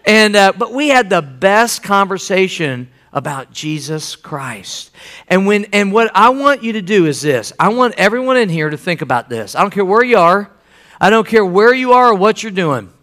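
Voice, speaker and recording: A man's voice: high voice, lively intonation, moderate pace, fairly bright tone. A man, a pastor, preaching a sermon, telling a story animatedly and acting out the dialogue.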